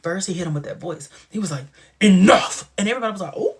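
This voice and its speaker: A man hosting a casual livestream chat, telling stories in an animated way, acting out quotes and dropping into whispered asides. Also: high-pitched, very fast, breathy edge. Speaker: livestream host.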